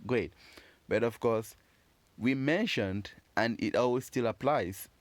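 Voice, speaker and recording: A man giving a patient pronunciation lesson, slowly repeating words and encouraging learners. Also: medium pitch, no room sound. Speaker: French teacher.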